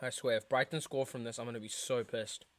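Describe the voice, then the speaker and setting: A young man streaming a football watchalong, muttering through quiet spells and yelling at big chances. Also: medium pitch, a little fast, slight background noise. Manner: excitable, shouts at big chances, mutters otherwise. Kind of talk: live football watchalong commentary.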